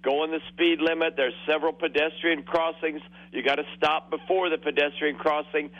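Heard through a muffled radio phone connection, this man in his sixties has a slightly high voice with flat delivery at normal speed. He's calling in to share meandering stories, laughing throughout.

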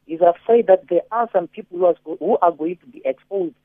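Halting man on a tinny phone line. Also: sits high, no echo. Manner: halting, many repeated words. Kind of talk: phone-in commentary.

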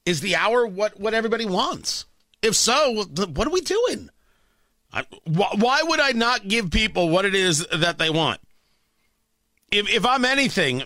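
Stammering high-voiced radio host man. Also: bright, forceful tone, no echo, studio quality. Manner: joking, stammering, repeats words. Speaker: radio morning show host. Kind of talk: casual morning radio chat.

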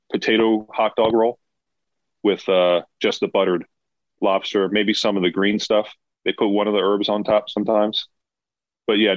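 A man's voice: fairly low pitch, dry recording. A man co-hosting a podcast in casual chat, emphatic and opinionated. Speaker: podcast co-host. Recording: dull lo-fi dry sound.

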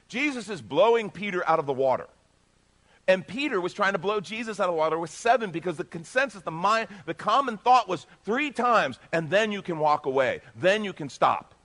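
A man preaching a sermon in a somewhat high voice. He is animated and emphatic, pushing some phrases out loudly and dropping others to a hush. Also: a little fast. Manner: animated and emphatic, swinging between loud bursts and hushed asides. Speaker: pastor.

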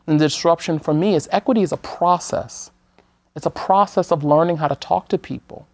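Calm, earnest woman guest, dry studio sound. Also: sits low, no room sound. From United States. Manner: measured, calm and earnest, with frequent restarts. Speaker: guest speaker on equity. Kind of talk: conversational talk-show interview.

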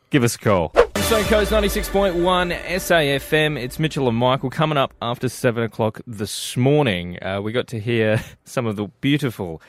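A man's voice: fairly low pitch, no echo. A man with an Australian accent hosting a casual breakfast radio show, laughing often as he banters with his co-host.

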